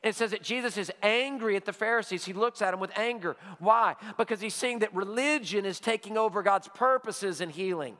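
A man preaching a sermon as pastor, telling stories with animation and dropping to a hush for emphasis. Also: high-pitched, brisk, few pauses, in a large hall. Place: church sanctuary.

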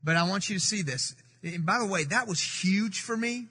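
A high, bright-voiced man from the Middle East preaching with emphatic repetition. His tone is slightly husky, and the church hall gives him a long reverb. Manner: emphatic, repeats key phrases, slows for scripture. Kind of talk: sermon. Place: church sanctuary.

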